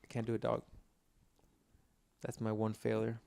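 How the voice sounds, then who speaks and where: A man's voice: on the low side, moderate pace, vocal fry. A man co-hosting a podcast, chatting casually and telling rambling, profane stories with lots of fillers. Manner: rambling, profane, animated storytelling. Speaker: podcast co-host.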